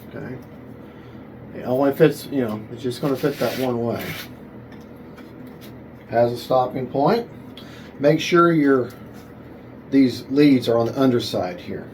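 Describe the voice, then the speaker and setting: A man of middle pitch talks slowly through an unboxing, thinking aloud and correcting himself as he goes. He sounds pleased with what he finds. A steady hum of noise sits behind his voice. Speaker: RC hobby video host. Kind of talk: casual unboxing commentary.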